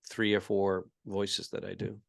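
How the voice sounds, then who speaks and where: A man with a low, gravelly voice co-hosts a casual comedy podcast. He tells relaxed, rambling anecdotes and often trails off into quiet asides. The recording is close and dry. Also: a little slow, dry recording. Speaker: podcast co-host, comedian and voice actor.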